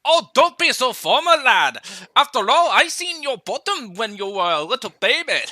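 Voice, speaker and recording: A man voicing a loud, eccentric mad old duke in a put-on Scottish accent, reading a fanfic aloud with friends. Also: sits high, very animated, normal speed, no echo, voice pushed down, exaggerated voice. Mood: boisterous. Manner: attempted Scottish accent, boisterous.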